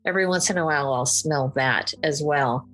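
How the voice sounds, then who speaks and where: A middle-aged woman sharing memories as an interview guest, candid and direct, with soft laughs between her thoughts. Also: low-pitched, fairly quick, soft background music, poor audio. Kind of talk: personal storytelling in an interview.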